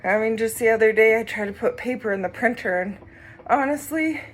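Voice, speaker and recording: A woman sharing her recovery in a casual vlog, short of breath as she rides an exercise bike, speaking reflectively with pauses. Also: fairly high pitch. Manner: slow, reflective, with pauses and soft laughs.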